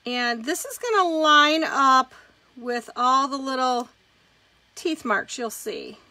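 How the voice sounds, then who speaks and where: Woman, craft demo host, casual and chatty, narrates her steps, bright and slightly high. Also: animated, slow, no echo. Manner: chatty, talks through each step as she works. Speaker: craft demonstrator hosting a live stream. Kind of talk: casual step-by-step craft demonstration.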